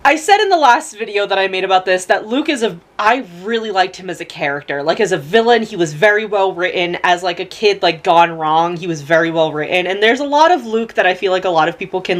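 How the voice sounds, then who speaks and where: A young woman rambling emotionally in a casual book review vlog, swearing freely and close to tears. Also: medium pitch. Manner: rambling, gushing, profane, many fillers. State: close to tears, laughing through crying. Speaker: book vlogger.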